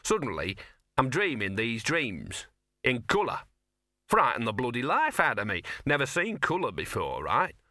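A man's voice: medium pitch, huge pitch swings, moderate pace, sharp tone, no echo, studio quality. A man voicing a scruffy, sardonic male talking dog who grumbles in slangy street talk. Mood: grumbling.

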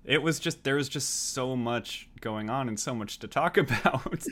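A man co-hosting a casual movie podcast, sarcastic and quick to laugh. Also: medium pitch, fairly bright tone, slight background noise. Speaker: podcast co-host. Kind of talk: casual chat.

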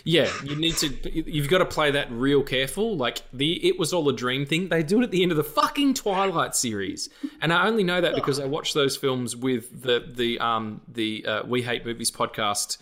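A man's voice: mid-range voice, moderate pace, few pauses. Profane rambling male podcast host. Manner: rambling, profane, animated rants with silly noises. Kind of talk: casual film podcast chat.

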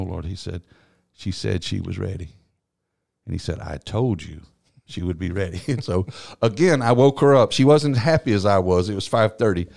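A middle-aged man, a pastor, telling a personal story in an easy, folksy way, laughing often as he goes. His low voice has a gravelly edge. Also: a little mellow. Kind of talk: storytelling conversation.

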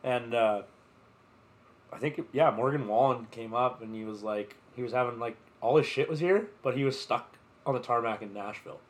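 A man's voice: mid-range voice, moderate pace. A man co-hosting a casual podcast, spinning a rambling festival story. He keeps stumbling over "like" and "uh" and swears freely. His voice sits in the ordinary middle range. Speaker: podcast co-host. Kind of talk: casual chat.

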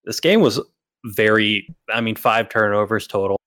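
Laid-back low-voiced young man. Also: normal speed, no room sound. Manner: laid-back, dry, trailing off quietly. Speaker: podcast co-host. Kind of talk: casual sports chat.

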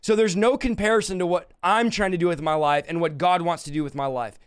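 Fervent high-voiced male preacher. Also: steady tone, quick pace, clear, resonant tone, no room sound, clean studio sound. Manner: fervent, repetitive preaching with dramatic quoted dialogue. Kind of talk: sermon.

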